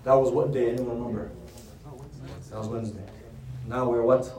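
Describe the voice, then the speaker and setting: A man's voice: medium pitch, steady tone, a little fast, crowd noise. A man teaching a religious lesson, retelling a story and answering his own rhetorical questions. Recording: roomy sound from a distant mic.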